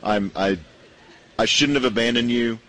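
A man's voice: mid-range voice, normal speed, fairly bright tone, rough recording. A man co-hosting a sports radio show, making dry, wry comments in casual banter. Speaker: radio co-host.

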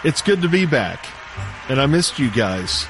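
A man from the United States, a radio show regular, chatting casually on air in a laid-back, halting way with frequent laughs. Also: mid-range voice, very animated, over music, a crowd in the background.

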